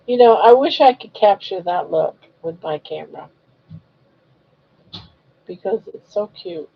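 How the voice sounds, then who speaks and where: A woman's voice: mid-range voice, lively intonation, takes it slowly, vocal fry, pauses often, slightly rough. An older woman hosting a live crochet stream, chatting casually and cooing sing-song baby talk to her dog. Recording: dull lo-fi stream audio.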